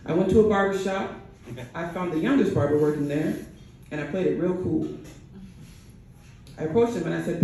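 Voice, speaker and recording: A woman's voice: on the low side, a little fast, pauses often, darkish tone, slight background noise. A woman doing a stand-up set on a small bar stage who keeps checking in with the crowd, heard from far off in an echoey room. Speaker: stand-up comedian.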